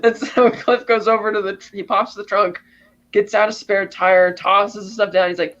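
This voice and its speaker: High-voiced man retelling a film. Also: moderate pace, lo-fi sound. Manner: animated retelling, acting out lines. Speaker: podcast co-host. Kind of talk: casual film recap.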